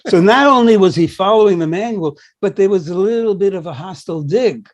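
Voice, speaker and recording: A man's voice: sits high, lively intonation, brisk, few pauses. An older man co-hosting a podcast, a psychology professor who tells anecdotes and acts out the dialogue in them. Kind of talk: conversational discussion.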